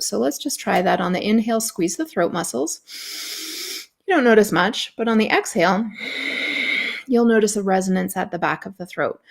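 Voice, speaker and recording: A woman hosting a show, calmly and slowly guiding listeners through a yoga breathing practice. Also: medium pitch, vocal fry. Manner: calm, slow, instructive. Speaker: host and yoga instructor. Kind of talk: guided breathing instruction.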